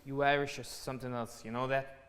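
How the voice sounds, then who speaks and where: In a stage play reading, an actor voices a wisecracking New York cab driver, nosy and chatty, who brashly teases his passenger. The man's medium-pitched voice is natural and fairly bright, with a brisk, flat delivery, and the theatre recording is reverberant.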